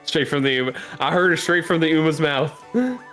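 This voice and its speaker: A man's voice: fairly high pitch, a little fast, a bit bright, faint music behind. A man who is a guest on a stream, chatting casually in a joking, profane way and retelling comedy bits. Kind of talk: casual chat.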